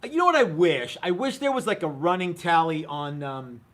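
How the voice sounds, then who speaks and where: A man's voice: fairly high pitch, lively intonation, normal speed, a bit bright. A man in his fifties hosting a casual live stream, chatty and jokey, rambling with restarts. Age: 50s. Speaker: host. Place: workshop studio.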